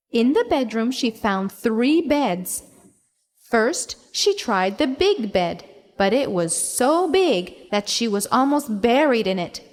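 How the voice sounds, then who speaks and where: A woman, a teacher narrating a children's storybook expressively. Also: on the high side.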